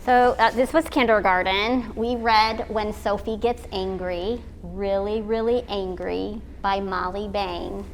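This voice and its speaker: Gravelly-voiced woman talking through a lesson. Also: mid-range voice, fairly even intonation, slow pace, few pauses, slight background noise, low-quality recording. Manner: thinking aloud with fillers. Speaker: teacher. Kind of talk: describing a kindergarten lesson.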